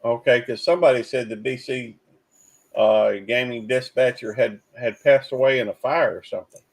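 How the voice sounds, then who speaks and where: A man hosting a casual live stream, talking in halting, repeated starts as he greets callers and tells a dad joke. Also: medium pitch, fairly even intonation, rough recording. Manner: halting, repeats words, cautious. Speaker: stream host.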